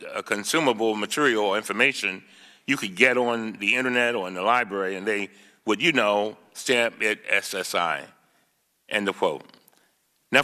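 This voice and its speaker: A lower-pitched man speaks as a congressman at a desk microphone, his voice bright and forceful. He delivers a formal hearing statement with emphatic stresses, reading quotations aloud. The large hearing room adds a long, echoing reverb.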